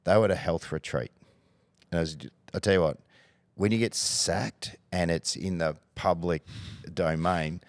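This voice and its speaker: A middle-aged Australian man, a former football coach, telling lively anecdotes on a podcast and acting out the voices he quotes. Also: low-pitched, moderate pace, dry recording, studio quality. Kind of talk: podcast storytelling.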